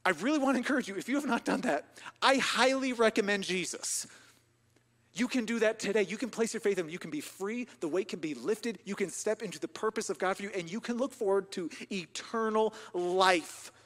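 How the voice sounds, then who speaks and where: A man with a high voice preaches with passion, moving between hushed, near-whispered lines and ringing emphasis. His sermon rings out with the long reverb of a large church hall. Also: fairly quick. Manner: impassioned, swings from hushed to loud. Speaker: pastor.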